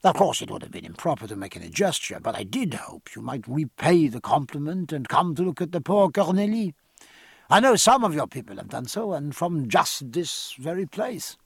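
A man's voice: a little high, very animated, normal speed, creaky, slightly rough, no echo, heavily acted. A man voicing a polite, formal young French naval lieutenant in an audiobook. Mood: earnest. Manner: polite, formal, slightly embarrassed.

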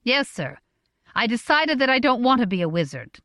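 A woman voicing a quiet young man who answers in a level, terse voice, in a storybook reading. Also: on the high side, sing-song, moderate pace, no echo, clean studio sound, pitched above the performer's own voice. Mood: level, resolved.

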